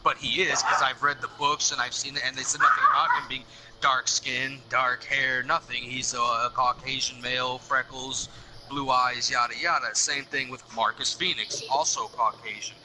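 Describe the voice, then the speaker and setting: A man's voice: mid-range voice, fairly even intonation, normal speed. A man hosting a casual podcast chat, talking bluntly and emphatically with plenty of swearing. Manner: blunt, profane and emphatic, ranting. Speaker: podcast host. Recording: loud background noise.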